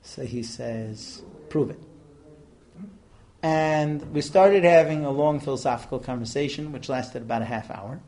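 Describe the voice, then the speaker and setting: A man in his thirties teaching an informal religious class, telling stories with quick asides and many Hebrew terms. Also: mid-range voice, dark tone, slight background noise.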